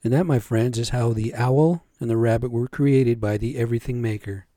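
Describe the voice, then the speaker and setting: A man's voice: medium pitch, moderate pace, warm tone, no echo, studio quality. A man telling a story to his viewers in a casual, chatty way, often checking in with listeners. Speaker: storyteller and vlogger.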